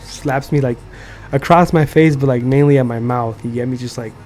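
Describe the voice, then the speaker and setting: A young male podcast host tells a story in casual conversation, his mid-range voice fairly even in intonation, darkish in tone, and at a normal speed. He swears constantly, scatters "like" everywhere, and keeps checking in with "you feel me." There's slight background noise.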